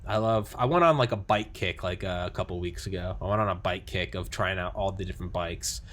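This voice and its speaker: A man's voice: low-pitched, a little fast, a bit bright, slight background noise. A man chatting casually about video games, rambling with lots of fillers, restarts and swearing. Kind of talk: casual chat.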